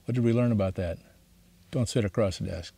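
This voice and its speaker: A man's voice: on the low side, brisk, creaky, slightly rough, no echo. A male pastor giving a seminary lecture, reading a story aloud and asking his listeners rhetorical questions. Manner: animated, asks the class rhetorical questions.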